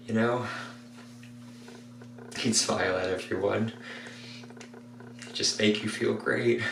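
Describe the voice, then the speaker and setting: An actor playing a grieving young man who speaks softly and wistfully about a lost friend. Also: fairly low pitch, distant mic, slight background noise. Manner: soft, quiet, wistful. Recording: roomy, from the mic.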